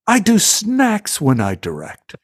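His voice sits high, moves slowly, and carries a breathy edge. He's a middle-aged American actor guesting on a podcast, animatedly yarning in a storytelling interview and doing silly voices for quotes.

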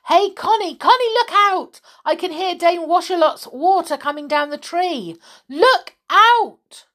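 A cheerful young boy who knows his way around, brisk and a bit bossy, his voice bouncing up and down, as a woman reads him. A storybook voice, slow and clear. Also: mid-range voice, animated. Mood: warning.

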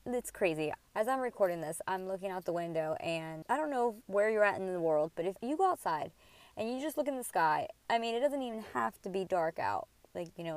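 A woman's voice: medium pitch, darkish tone, smooth, dry recording. A woman in her thirties hosting a casual spiritual podcast, talking candidly and rambling, swearing freely, recorded at home. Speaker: podcast host. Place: at home by a window.

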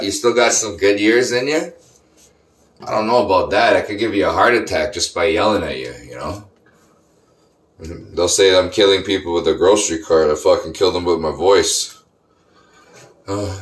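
A low-pitched man in his thirties goes on a sarcastic, swear-filled, meandering rant. He's in a room in an apartment complex, and the echoey recording carries a little hiss or hum.

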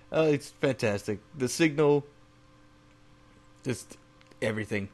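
A man co-hosting a casual podcast, playful and crude, quick to laugh. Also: medium pitch, darkish tone. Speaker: podcast co-host. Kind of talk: casual chat.

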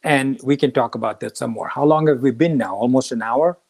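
A man's voice: mid-range voice, brisk, darkish tone. A man hosting a spiritual talk, retelling a story in a casual way and acting out the characters' lines. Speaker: podcast host.

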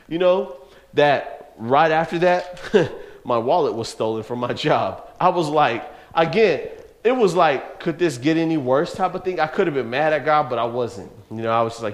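A man's voice: a little high, lively intonation, normal speed. A young man preaching to teenagers, telling a story with casual slang and laughter. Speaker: youth pastor. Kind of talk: youth sermon with personal story.

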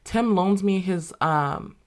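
A woman's voice: lowish voice, slow pace, darkish tone. A young woman hosting a podcast, telling a personal story in a candid, casual way with plenty of swearing and fillers. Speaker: podcast host.

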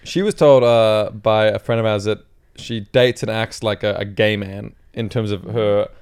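A man's voice: on the low side, fairly even intonation, moderate pace, darkish tone, clean tone. A man co-hosting a podcast, chatting casually and making teasing jokes. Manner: joking, teasing banter. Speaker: podcast co-host.

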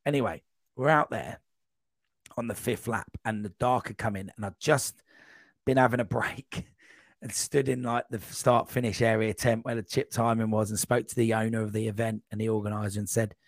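A man guest on a podcast, telling a long, rambling running anecdote in a casual, animated way. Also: fairly low pitch, moderate pace, no room sound. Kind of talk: casual storytelling.

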